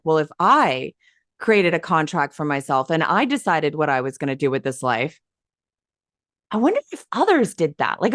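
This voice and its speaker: A woman talking as an interview guest, an excitable storyteller who acts out her own reactions. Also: fairly low pitch, no echo, studio quality. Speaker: hypnosis coach, interview guest. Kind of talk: animated interview conversation.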